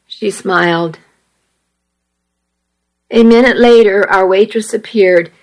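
Woman reading a romance story out loud, really slow and even, mid-pitched voice. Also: rough recording. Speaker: narrator. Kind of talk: first-person story reading.

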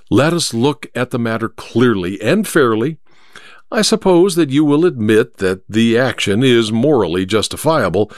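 A man's voice: mid-range voice, no echo, clean studio sound. Holmes: a wry, resolute detective, read by a man. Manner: crisp, amused, measured. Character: cool, confident male detective, wry and resolute. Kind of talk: audiobook reading.

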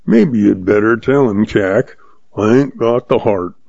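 A sneering, surly cowhand of the old west drawls out his taunts, as a male narrator puts him on. The voice is low and gravelly, recorded dull and dry. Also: measured pace, darkish tone, dry recording. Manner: drawling, scornful.

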